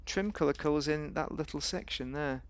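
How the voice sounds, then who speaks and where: Gravelly man rambling over gameplay. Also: normal speed. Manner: rambling, chatty, jokey, talks to himself, sudden pitch jumps. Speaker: gaming video host. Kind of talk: casual gameplay commentary.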